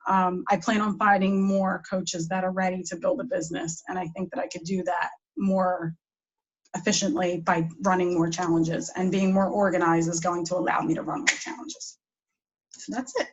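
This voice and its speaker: A woman's voice: lowish voice, flat delivery, moderate pace, lo-fi sound. A woman with a New Jersey accent, a guest coach sharing tips in a chatty way full of fillers. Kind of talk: casual talk sharing tips.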